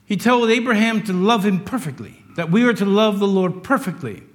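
A man in his sixties preaching a sermon in a conversational way, with wry humor, moving between loud emphasis and quiet asides. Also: high voice, animated, brisk. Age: 60s. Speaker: pastor.

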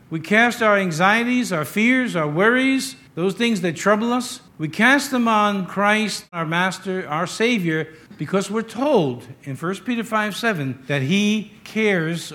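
A man's voice: high voice, bright, forceful tone. A man preaching a sermon as a pastor, mixing scripture with humorous personal stories and repeated emphasis. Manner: storytelling with humor, repetitive emphasis.

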